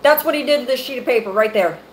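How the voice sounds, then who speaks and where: A woman's voice: on the high side, fast, slight background noise, rough recording. Woman, middle-aged, angry mother, live-stream rant, profane, close phone mic. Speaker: mother venting to viewers.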